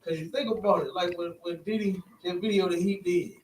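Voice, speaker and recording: High-voiced man, rambling in an echoey room. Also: steady tone, fairly quick, far from the mic. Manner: rambling, repeats "you know what I'm saying". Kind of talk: casual spoken discussion. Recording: echoey room, voice from off-mic, faint hiss.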